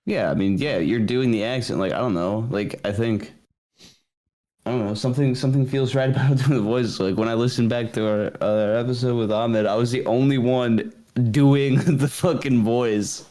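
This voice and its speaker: Male co-host, mid-pitched voice, jokey and profane, laughs a lot. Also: normal speed, dark tone. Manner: joking, laughs often, swears. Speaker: podcast co-host. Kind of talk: casual comedic banter.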